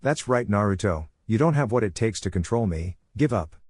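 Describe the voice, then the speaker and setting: A man reading the lines of a menacing, taunting male fox demon in a fan-written audio story, in his own low voice. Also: animated, moderate pace, darkish tone, slightly rough, no echo, clean studio sound.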